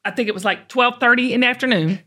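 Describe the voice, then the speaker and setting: Give me a middle-aged woman with a Southern American accent hosting a show, telling stories in a lively, chatty way. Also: a little high, quick pace. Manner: chatty, animated storytelling with drawled asides. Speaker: host. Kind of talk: casual chat.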